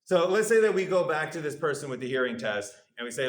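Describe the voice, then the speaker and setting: A man's voice: a little high, expressive, fast talker, few pauses. A man giving a university lecture, explaining step by step in a playful way and dropping his voice to act out the test subjects' replies. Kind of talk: classroom lecture. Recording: roomy echo.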